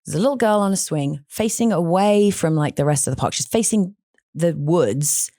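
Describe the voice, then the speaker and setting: Podcast host, woman, lower voice with lots of swing, outspoken chatty storyteller, dry close sound. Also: moderate pace, dry recording. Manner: animated and outspoken, with frequent restarts. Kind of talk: casual conversational storytelling.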